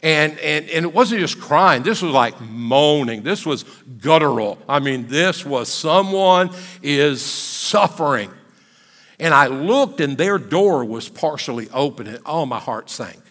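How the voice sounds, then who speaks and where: An older man preaching from a church sanctuary, his voice a little higher than most men's, and his words ringing out in the long reverb of the hall. He speaks as a pastor telling a folksy, conversational story during a live sermon. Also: animated, unhurried, a bit bright.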